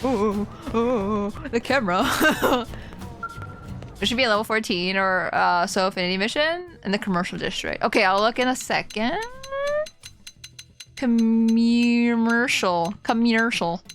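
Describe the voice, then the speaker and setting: A young woman streaming a video game, chatting casually with her viewers, excitable and giggly as she reacts to what happens on screen. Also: mid-range voice, normal speed, faint music behind. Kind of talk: casual gameplay commentary.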